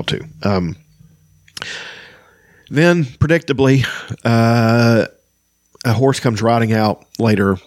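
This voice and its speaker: A man reading a fantasy novel aloud and breaking off for casual, halting commentary. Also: lowish voice, no room sound, studio quality. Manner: casual, halting asides with fillers. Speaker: book reader and commentator.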